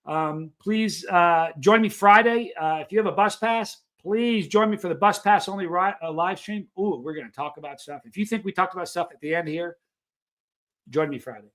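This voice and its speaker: A man's voice: sits high, normal speed, a bit bright. A man hosting a live stream, talking in an emphatic, opinionated way and throwing rhetorical questions at his viewers. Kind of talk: casual live-stream rant.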